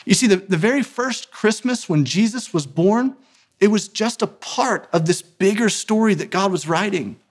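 A man in his thirties giving an earnest, emphatic sermon-style talk as a ministry founder, slowing down to stress key words. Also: high-pitched, animated.

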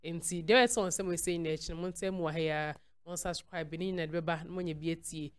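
A woman's voice: lowish voice, steady tone, quick pace, clean tone. A woman with a Ghanaian accent hosting a celebrity gossip channel, mixing Twi and English as she reads viewer comments aloud. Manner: mixes Twi and English freely.

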